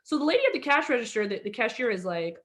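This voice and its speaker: A rambling, chatty woman born in Egypt hosts an online comedy show over a video call. Her voice sits fairly high and she tells her stories with fillers and restarts. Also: big pitch swings, rapid-fire, fairly bright tone. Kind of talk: stand-up storytelling between acts.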